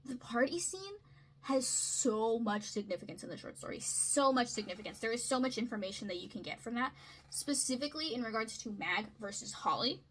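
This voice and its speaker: A woman's voice: on the high side, animated, a little fast, a bit bright, a little hiss or hum, rough recording. A woman talking through a literary analysis in a casual, chatty way, often checking in with "right?" and "okay?". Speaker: video essayist.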